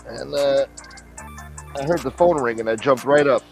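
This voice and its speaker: Loud joking male livestream host. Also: mid-range voice, moderate pace, gravelly, faint music behind. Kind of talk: mock-sermon casual livestream chat.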